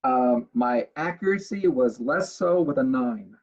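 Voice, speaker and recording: A man's voice: mid-range voice, animated, measured pace, darkish tone, muffled recording. A man playing in a tabletop game, asking rules questions with hesitant fillers. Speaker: player.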